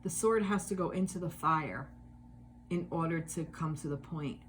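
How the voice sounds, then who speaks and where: A woman's voice: low voice, normal speed, slight background noise. A woman giving a casual tarot reading, musing aloud with many fillers and swearing freely. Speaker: tarot reader.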